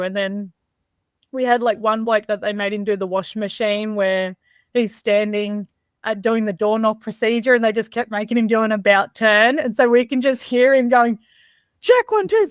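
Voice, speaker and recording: Australian woman, smooth higher voice. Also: no echo, studio quality. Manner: lively anecdotes, laughs often, swears casually. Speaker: army reservist guest. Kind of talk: casual storytelling interview.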